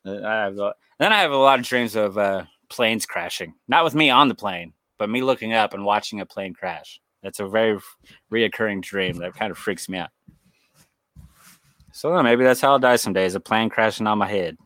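Swearing, bright-voiced male podcast host. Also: on the low side, a little fast, no echo. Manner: rambling storyteller, swears a lot, acts out quoted voices. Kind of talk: casual chat.

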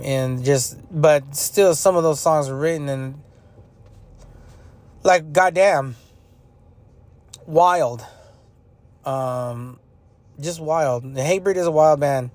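A man's voice: fairly high pitch, darkish tone. A young man hosting a podcast, talking in a blunt, profane, repetitive ranting manner about music. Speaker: podcast host. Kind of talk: casual opinion monologue.

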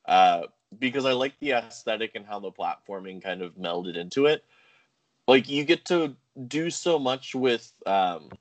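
Brief: lower-pitched male co-host, dry close recording, rambling casual chat. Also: dry recording. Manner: rambling, full of "like" and "um". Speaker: podcast co-host. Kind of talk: casual game review chat.

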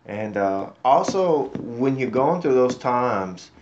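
A man's voice: mid-range voice, lively intonation, slow, a little mellow, muffled recording, a little hiss or hum. A man speaking encouragingly in a casual faith discussion, with a light joking manner.

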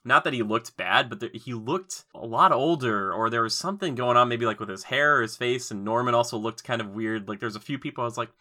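Bright-voiced man chatting about games. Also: mid-range voice, fairly quick, hardly any pauses. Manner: animated, acts out quoted voices, frequent "like". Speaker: podcast co-host. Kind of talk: casual game discussion.

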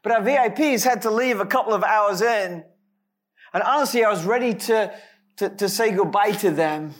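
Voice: medium pitch, normal speed. A pastor preaching a sermon, speaking emphatically with light, self-deprecating humor.

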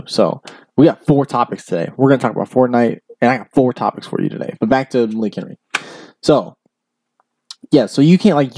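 A man hosting a casual commentary show, telling a story in a rambling, animated way with lots of filler words and acting out the people he quotes. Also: mid-range voice, dry recording. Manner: acts out quoted people in raised voices. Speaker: podcast host.

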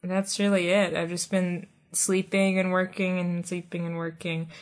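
A woman's voice: on the low side, little pitch movement, moderate pace. Chatty woman hosting a podcast. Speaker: podcast host. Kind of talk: casual chat.

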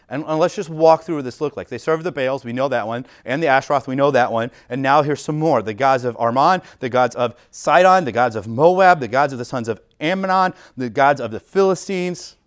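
A man preaching a sermon at church in a conversational, animated way, reading scripture and explaining it with everyday examples. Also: medium pitch, a little fast, hardly any pauses. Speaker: pastor.

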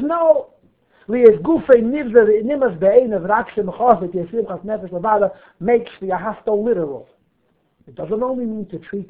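A man's voice: sits high, gravelly. A man teaching a Torah class, reading Hebrew text and explaining it line by line with questions and answers. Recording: phone-like narrow audio.

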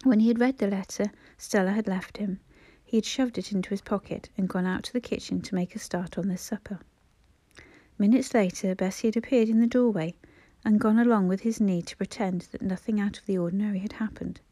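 A woman narrating a novel in a soft, often near-whispered reading. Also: medium pitch, steady tone, fairly quick, no echo. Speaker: audiobook narrator. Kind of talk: scripted narration.

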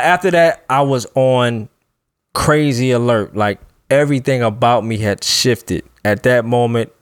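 A man's voice: lowish voice, clear, resonant tone, no room sound, clean studio sound. A young man telling a personal story in a loose, slangy, casual way, often breaking into laughter.

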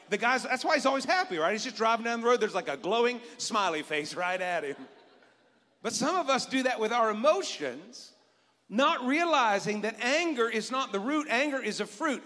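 A middle-aged man preaching a sermon as pastor, animated and joking with his congregation. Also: sits high. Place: church sanctuary. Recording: long reverb of a church hall.

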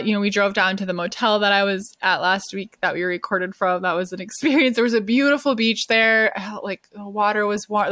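A woman's voice: mid-range voice, a bit bright, no echo, clean studio sound. A woman co-hosting a podcast, chatting casually in a gushing, rambling way full of fillers. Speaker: podcast co-host. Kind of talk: casual chat.

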